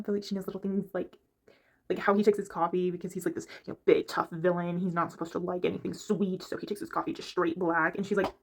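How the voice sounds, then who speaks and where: A woman's voice: on the low side, fairly even intonation, brisk. A woman chatting casually about books from her bedroom, rambling and stopping to hunt for the right word. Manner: chatty, rambling, gropes for words. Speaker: book reviewer. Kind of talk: casual chat.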